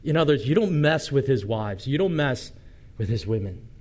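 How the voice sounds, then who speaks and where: A male pastor preaching a sermon, reading scripture dramatically and telling the story with lively asides and light humor. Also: medium pitch, normal speed.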